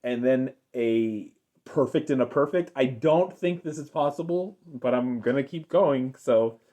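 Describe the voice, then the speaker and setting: A man's voice: mid-range voice, unhurried, dark tone. Rambling young man reviewing a cartoon. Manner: rambling, filler-heavy, enthusiastic retelling. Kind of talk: unscripted review.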